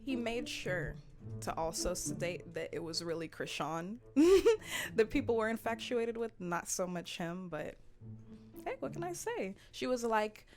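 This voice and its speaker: A woman's voice: mid-range voice, very animated, a little slow, darkish tone. Woman vlogger, playful and blunt recap host, laughs a lot, music bed underneath. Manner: playful, laughs often, blunt slangy asides. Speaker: vlogger recapping a reality show. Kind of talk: casual recap commentary. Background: background music.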